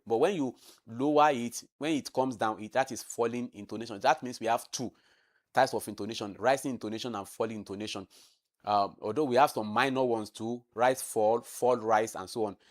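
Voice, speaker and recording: A man's voice: medium pitch, fairly quick. A man explaining exam questions in a lesson, repeating key terms and demonstrating intonation aloud. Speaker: teacher.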